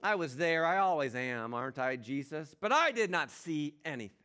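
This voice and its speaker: A man voicing a cynical male devil, raising his voice into a higher, mocking tone during a sermon reading. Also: sing-song, moderate pace, sharp tone, clean tone. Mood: taunting. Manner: taunting, mocking.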